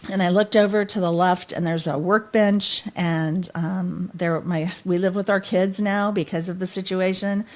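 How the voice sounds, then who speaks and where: A woman's voice: on the low side, steady tone, moderate pace, hardly any pauses. Earnest middle-aged woman telling her story. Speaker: podcast guest. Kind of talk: podcast interview.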